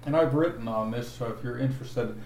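A man preaching an expository Bible sermon, teaching slowly and deliberately and stressing each verse he points to. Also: medium pitch, a little mellow. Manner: slow, deliberate teaching with emphatic verse references. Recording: echoey room, voice from afar, faint noise.

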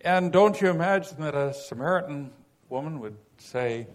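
A man, raised in California, teaching a Bible passage in an unhurried, folksy sermon full of "you know" asides. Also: a little high, animated. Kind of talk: conversational sermon.

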